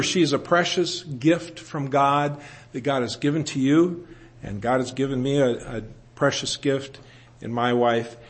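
A man in his sixties preaching a sermon in an earnest way, slowing down to stress scripture and adding gentle humor about himself. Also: medium pitch. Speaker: pastor.

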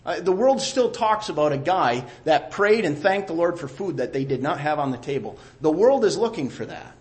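A middle-aged man preaching a sermon, emphatic and repeating key phrases, sometimes dropping quiet. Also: a little high, expressive, moderate pace.

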